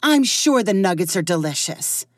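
A woman voicing an eager hostess who smooths over awkward moments and loves gossip. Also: mid-range voice, very animated, moderate pace, no echo, clean studio sound. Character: fussy hostess woman, nosy and peacemaking.

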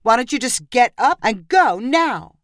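A woman's voice: a little high, big pitch swings, measured pace, no room sound, studio quality, voice pushed up. A woman voicing an indignant young woman who feels betrayed by her friends, in a pointed, wry tone. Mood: hurt.

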